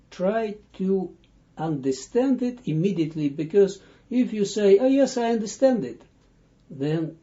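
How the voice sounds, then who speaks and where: Guy teaching, slow and halting, really dark mellow voice, dull lo-fi audio. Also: a little high. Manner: halting, searching for words with many restarts. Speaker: Kabbalah teacher. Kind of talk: unscripted audio lesson.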